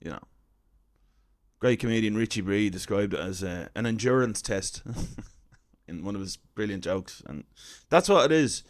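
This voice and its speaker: A man's voice: on the low side, lively intonation, moderate pace. A man in his thirties with an Irish accent, telling a comic story in a wry, self-deprecating, conversational way. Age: 30s. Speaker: comedian storyteller.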